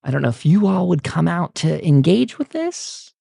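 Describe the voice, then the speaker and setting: A man narrating as game master of a tabletop game, relaxed with frequent fillers. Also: a little high, normal speed, gravelly, husky, no room sound, clean studio sound. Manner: relaxed, many fillers, laughs while describing.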